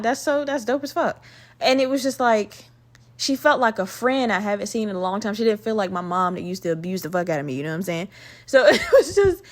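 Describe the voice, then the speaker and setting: This is a woman with a somewhat high voice, telling a personal story on a podcast. She talks in a chatty, unfiltered way, swearing often and tossing in plenty of fillers. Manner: candid, profane, chatty with frequent fillers. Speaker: podcast host.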